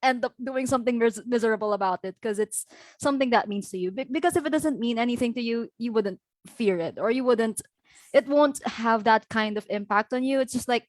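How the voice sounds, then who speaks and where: Speaking fairly quickly in a slightly high voice, a young Filipina guest chats casually during a video-call interview. She uses lots of fillers and laughs lightly, and there's no room sound.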